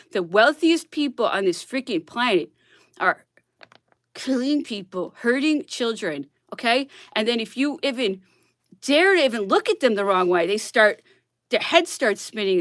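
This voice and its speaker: A woman's voice: a little high, a bit bright, dry recording, studio quality. A woman blogger on a casual, worked-up rant who keeps asking "okay?" and laughs between her points.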